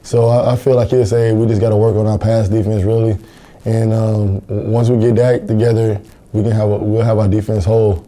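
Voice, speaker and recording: A young college football player answers interview questions earnestly and plainly, often repeating words while he thinks. His voice is on the low side and warm, delivered flatly and a little fast.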